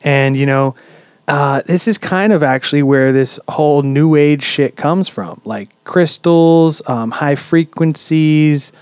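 Laid-back podcast dude telling a story, swears a lot, lots of ums, dead dry sound. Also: male voice, fairly high pitch, takes it slowly, clean tone, no room sound. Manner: relaxed, swears freely, many "um"s. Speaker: podcast host.

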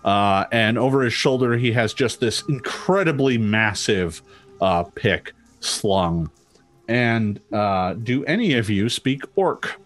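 Slow unhurried guy running a tabletop game, lots of ums and laughs, faint music underneath. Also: lowish voice, lively intonation. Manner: hesitant, many fillers, laughs often. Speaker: game master.

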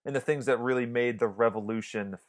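A man's voice: mid-range voice, fairly quick. A man co-hosting a film podcast, chatting casually and animatedly, with many restarts and some swearing. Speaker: podcast co-host. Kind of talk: casual film review chat.

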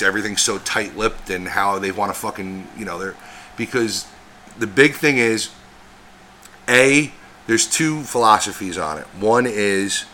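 Profane, bright-voiced male podcast co-host. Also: fairly low pitch, a little hiss or hum. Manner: profane, rambling and animated. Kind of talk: casual podcast chat.

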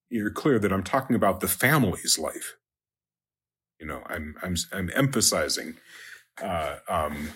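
A man teaching a Latin lesson, working through numbered exercises in a halting way with many ums and uhs. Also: sits low, a bit bright, husky. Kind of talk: recorded lecture walking through exercises.

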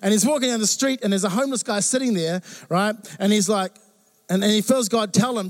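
A man preaching a sermon, telling stories with lively acted-out quotes and jokes. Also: sits high, a little fast. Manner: animated storytelling with acted quotes. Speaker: pastor.

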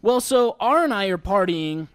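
Young male storyteller, high voice, dry close sound, animated slangy delivery. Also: normal speed, clean tone, no room sound. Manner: animated, slangy, laughs while telling. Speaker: podcast storyteller. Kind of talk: casual story told to friends.

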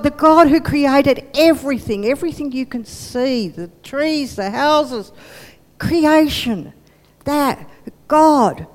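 A woman's voice: sits high, exaggerated voice. Woman acting out an overjoyed Paul. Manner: excited, urgent, pleading. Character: apostle Paul, grown man, overjoyed and earnest. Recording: long hall reverb.

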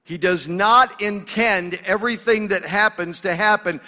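A man's voice: sits high, unhurried, pushed and bright. A male pastor delivering a sermon in a conversational, emphatic way, in a church sanctuary. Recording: long reverb of a large hall.

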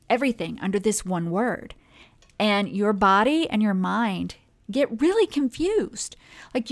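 A woman hosting a motivational talk on well-being. She speaks directly and conversationally to her listeners, with a voice of middling pitch.

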